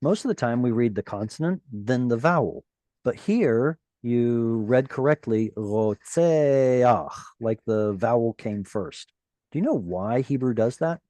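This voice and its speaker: A man teaching a Hebrew grammar class over a video call, animated and encouraging, with playful asides. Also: medium pitch, moderate pace, no room sound.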